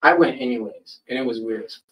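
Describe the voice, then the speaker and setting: A man in a loose podcast chat, telling a story with plenty of swearing and quick impressions of the people in it. His voice sits at a middling pitch and comes from a little way off the mic, as if he is leaning back. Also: far from the mic, poor audio. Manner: animated, profane, acts out quoted people. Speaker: podcast host. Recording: voice a bit off-mic.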